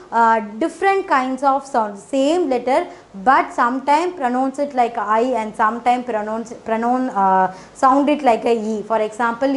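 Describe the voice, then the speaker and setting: Higher-pitched woman teaching phonics. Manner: frequent fillers, repeats "okay" and "isn't it"; non-native English grammar. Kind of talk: casual explanatory teaching.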